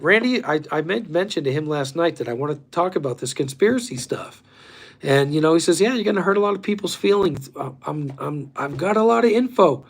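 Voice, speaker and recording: A man's voice: a little high, gravelly. A man in his forties hosting a livestream, talking in a rambling, profane and fired-up way. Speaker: livestream host. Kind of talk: rambling casual chat.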